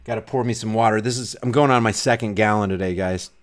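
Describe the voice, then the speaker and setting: A man's voice: fairly low pitch, quick pace, slight background noise. A middle-aged man ranting in a commentary vlog, fiery and preachy, hammering his points home through repetition. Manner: fiery, preachy, emphatic, repeats himself. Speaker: vlogger.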